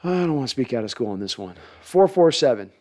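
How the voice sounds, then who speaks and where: A man's voice: medium pitch, very animated, quick pace, a little mellow. A man hosting a live sports talk show, reading viewer comments and analyzing players in a conversational, thinking-aloud way. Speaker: podcast host.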